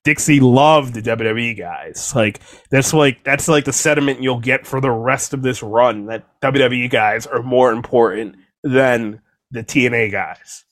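A young man co-hosting a podcast, recapping wrestling in a profane, exasperated, animated rant. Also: medium pitch, measured pace. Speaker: podcast co-host. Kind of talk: casual wrestling recap chat.

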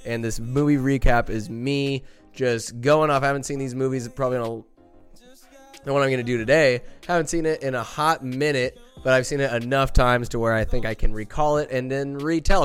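A man's voice: mid-range voice, brisk, clean tone, soft background music. A young man hosting a podcast, rambling enthusiastically through a comedic movie recap with crude jokes. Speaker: podcast host.

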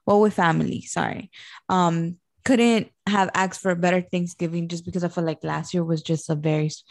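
Gravelly young mother, relaxed chat. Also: fairly low pitch, moderate pace, no room sound, studio quality. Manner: relaxed, rambling, warm storytelling with fillers. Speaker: podcast co-host. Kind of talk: casual chat.

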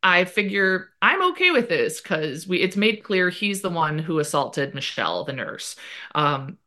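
A woman co-hosting a podcast, recapping a TV episode in casual chat and acting out the characters' lines in quick quoted bits. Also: fairly low pitch, big pitch swings, pushed and bright. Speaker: podcast co-host.

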